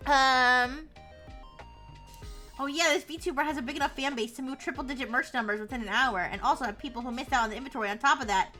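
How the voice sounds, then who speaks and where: A woman's voice: high voice, fast, sharp tone, soft background music. A young woman streaming live, reading posts aloud in casual commentary with sarcastic asides. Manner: reads text aloud with frequent laughs and sarcastic asides.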